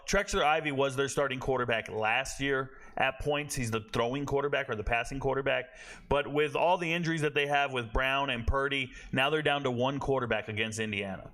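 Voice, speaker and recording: A man hosting a college football show, talking casually and bluntly, rambling and correcting himself, with a tired, low-energy delivery. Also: sharp tone. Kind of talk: casual sports commentary.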